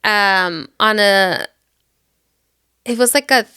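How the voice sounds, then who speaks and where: Rambling woman host, smooth voice. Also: mid-range voice, slow, sharp tone, no echo, studio quality. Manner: rambling, filler-heavy retelling. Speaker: book podcast host. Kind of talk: casual chat.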